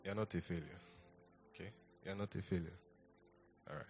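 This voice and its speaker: A man's voice: sits low, fairly even intonation, brisk, darkish tone, muffled recording, soft background music. A man preaching a sermon in a church, repeating phrases and asking the congregation to answer back. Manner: coaxing, repeats phrases, asks the congregation to respond. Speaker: pastor.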